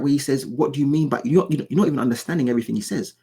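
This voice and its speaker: A man's voice: medium pitch, rapid-fire, dark tone, husky. A man giving casual, insistent reaction commentary, often repeating and restarting his words as he argues his point. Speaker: commentary YouTuber.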